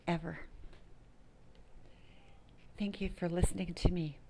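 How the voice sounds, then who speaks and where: Frank woman with a lowish voice, talking straight to her viewers. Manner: frank, emphatic, with whispered asides. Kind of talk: personal talk to camera.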